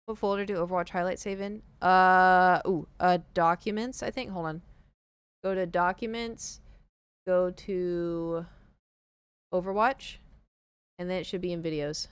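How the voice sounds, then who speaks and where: Southern lady streamer ranting about words, smooth voice, dry close sound. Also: on the low side, fairly even intonation, unhurried, pauses often, dry recording. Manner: chatty, ranting, mocking pronunciations. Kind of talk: casual chat while gaming.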